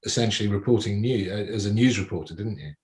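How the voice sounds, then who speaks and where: A man's voice: lowish voice, fast. A man hosting a panel interview, asking questions with restarts that fade at the end. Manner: stumbling, falling quiet at ends of questions.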